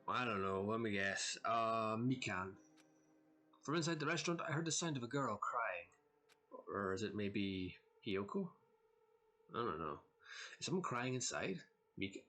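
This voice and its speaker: A man's voice: fairly low pitch, animated, measured pace, pauses often, bright, forceful tone. A man doing let's play commentary, joking around and reading all the parts of the game himself. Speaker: let's player.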